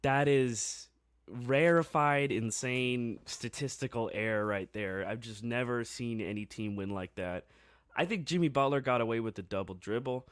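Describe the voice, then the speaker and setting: A man co-hosting a casual sports podcast, telling what happened in a game in an excitable, rambling way. His voice sits at a middle pitch. The sound is dry and close. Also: clean tone, no echo. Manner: excitable, rapid storytelling with many fillers.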